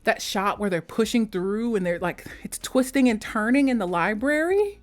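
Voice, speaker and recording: A woman vlogger gushes in casual, slangy chat, her voice leaping up and down with lively excitement. She slips into high mock voices and soft whispers as she talks, and her voice sits a little high for a woman. Faint music plays under her voice. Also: normal speed. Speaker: vlogger reviewing a film.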